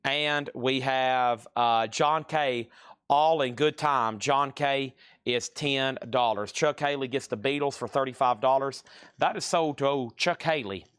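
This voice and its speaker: A man's voice: mid-range voice, unhurried, fairly bright tone, clean tone, dry recording, clean studio sound. A man hosting a live record and cassette sale, chatting casually as he names items and prices. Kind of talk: casual live-stream selling.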